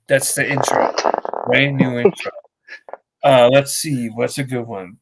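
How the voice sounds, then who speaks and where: Male co-host, mid-pitched voice, teasing, runs the game. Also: fairly even intonation, unhurried, noisy background. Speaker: podcast co-host. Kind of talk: casual chat.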